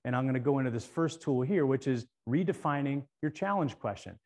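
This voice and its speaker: A middle-aged man speaking at a conference, telling a story in an animated way and often repeating words as he gets going. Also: mid-range voice, fairly quick. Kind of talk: storytelling keynote talk.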